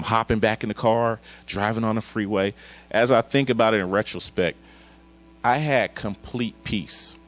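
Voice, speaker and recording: A man in his thirties preaching a sermon, telling an emotional personal story and acting out his dialogue with God. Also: lowish voice. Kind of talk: sermon testimony.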